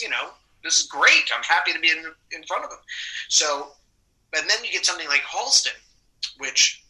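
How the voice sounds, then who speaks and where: Bright-voiced New York actor, rambling. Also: male voice, mid-range voice, low-quality recording. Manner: rambling, self-correcting anecdotes. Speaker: actor guest. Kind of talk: casual interview talk.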